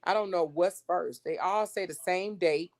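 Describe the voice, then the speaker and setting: A woman's voice: on the low side, normal speed, darkish tone. A woman hosting a casual livestream, reading text messages aloud to her viewers in an exasperated, blunt way and swearing freely. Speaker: livestream host.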